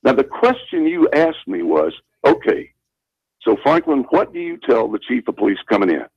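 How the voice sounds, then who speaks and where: Husky older Southern man on talk radio. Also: medium pitch, wildly swooping pitch, normal speed, no room sound. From Southern United States. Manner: earnest, emphatic, repeats phrases for stress. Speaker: radio show guest, former school principal. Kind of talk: storytelling on a talk radio show. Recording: muffled lo-fi radio broadcast.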